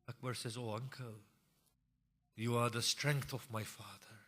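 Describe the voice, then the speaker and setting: A male preacher delivers a mournful sermon at an unhurried, measured pace. His voice is forceful and pressed, moving between hushed grief and impassioned, rising cries. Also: mid-range voice, fairly even intonation. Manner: grieving recital that swells from hushed to impassioned cries.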